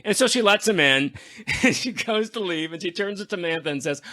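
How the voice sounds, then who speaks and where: A man's voice: high-pitched, expressive, a little fast, sharp tone. A man hosting a podcast in casual chat, an effusive storyteller who gushes with enthusiasm. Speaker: podcast host.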